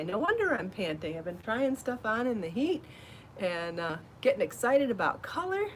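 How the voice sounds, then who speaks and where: A woman hosting a live crafting show, chatty and enthusiastic, out of breath from rushing around and trying on garments. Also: mid-range voice, very animated, slight background noise. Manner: chatty and enthusiastic, laughs at herself. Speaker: podcast host showing her yarn designs. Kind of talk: casual live show chat.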